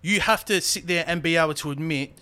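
A man's voice: fairly high pitch, brisk, pushed and bright, clean tone. A young man with an Australian accent co-hosting a podcast, ranting casually and swearing freely. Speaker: podcast co-host.

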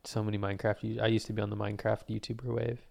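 A man's voice: fairly low pitch, monotone, very fast, creaky, a little mellow. A young man co-hosting a podcast, rambling and swearing casually. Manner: rambling, profane, easygoing. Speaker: podcast co-host. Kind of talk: casual chat.

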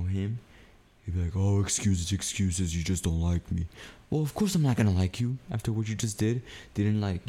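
With a fairly low, warm voice, a young man on a podcast spins a loose, foul-mouthed story, dropping "like" and "dude" constantly as he co-hosts this casual chat.

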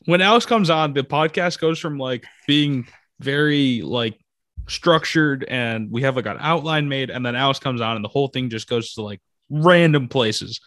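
A young man hosting a casual podcast, chatty and quick to laugh. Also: medium pitch, dry recording, studio quality. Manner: chatty, giggly, lively. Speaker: podcast host. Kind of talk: casual chat.

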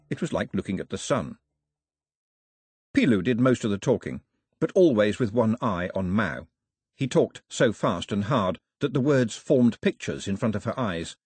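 A man reading an audiobook with expressive storytelling and dry wit, close to the microphone. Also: mid-range voice. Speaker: audiobook narrator. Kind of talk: scripted narration. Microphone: close studio mic.

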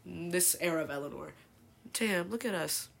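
A podcast host in her twenties from El Sobrante, California, speaks at a normal speed in a lowish, expressive, gravelly voice. She tells personal stories in a casual, confessional way, chatty and profane, oversharing and leaning heavily on filler words.

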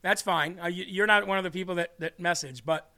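A man's voice: high-pitched, a little fast, bright, forceful tone. A man hosting a faith podcast, reading viewer comments aloud in an earnest, emotional way and tearing up. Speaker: podcast host.

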